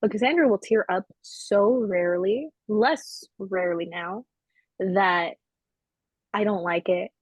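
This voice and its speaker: A woman's voice: mid-range voice, slow pace, husky, dry recording, low-quality recording. A woman co-hosting a casual podcast, talking candidly and with self-mockery, with many fillers. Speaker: podcast co-host.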